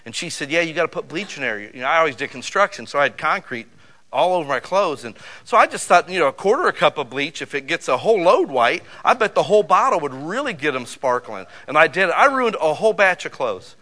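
A male pastor delivers a conversational sermon with a bright, slightly high-pitched voice. He spins folksy anecdotes, drops casual asides, and keeps pressing the congregation with rhetorical questions. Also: fast talker. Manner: animated storytelling with rhetorical questions; folksy, conversational, uses "man" and "you know".

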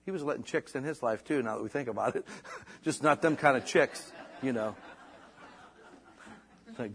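A middle-aged man preaching a sermon as a pastor. He talks in a casual, conversational way and reads scripture slowly and deliberately. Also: mid-range voice. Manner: casual, conversational preaching with frequent "like" and "you know"; reads scripture in slow, deliberate King James cadence.

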